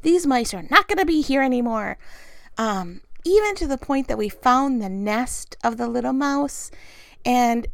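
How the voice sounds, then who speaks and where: Middle-aged woman, casual vlogger, fry in the voice, dry close mic, animated storyteller. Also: on the high side, a little slow, dry recording. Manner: chatty, laughs often, animated storytelling. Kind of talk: casual chat to camera.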